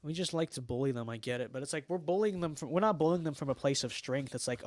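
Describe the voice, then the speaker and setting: Wry young man reading chat, fairly high voice. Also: animated, fast, hardly any pauses, no room sound, clean studio sound. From Los Angeles, United States. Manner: wry, sarcastic, mock-boastful. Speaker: livestream host reading chat. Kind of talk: casual livestream chat.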